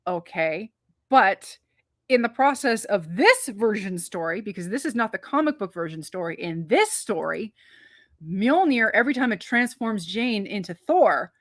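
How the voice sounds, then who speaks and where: A chatty woman talks through a film review, rambling along with quick asides and restarts. Her pitch sits in the middle range. The recording is dry and close, with no room sound. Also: expressive, no echo. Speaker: co-host of a movie review show. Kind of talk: casual movie review chat.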